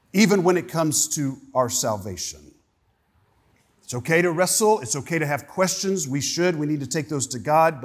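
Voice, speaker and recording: A man, a pastor, preaching an emphatic sermon in a church, often repeating the first words of a phrase. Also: medium pitch. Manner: emphatic, with many repeated word starts. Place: church sanctuary.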